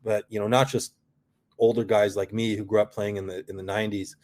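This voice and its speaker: A man's voice: lowish voice, flat delivery, brisk, darkish tone. A middle-aged man, a guest in a casual interview, telling a long story in a rambling way, with many restarts and "you know" fillers. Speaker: guest, product founder.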